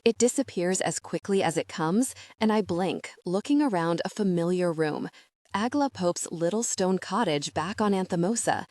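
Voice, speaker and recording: A woman narrating a fantasy audiobook in the first person, in a measured, steady way. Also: fairly low pitch, dry recording, studio quality.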